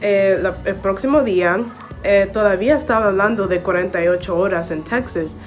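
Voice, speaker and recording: Young woman vlogger chatting to camera, says like and okay a lot, mixes english and spanish, soft music in the back. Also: mid-range voice, fast talker. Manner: switches between English and Spanish. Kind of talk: casual story-time chat to camera.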